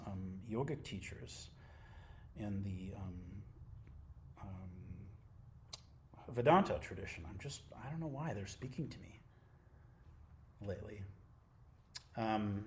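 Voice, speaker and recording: A man's voice: moderate pace, pauses often, a little hiss or hum. Playful middle-aged man giving a dharma talk. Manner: intimate and playful, drops to near-whispers then bursts into excited high exclamations. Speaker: Zen teacher.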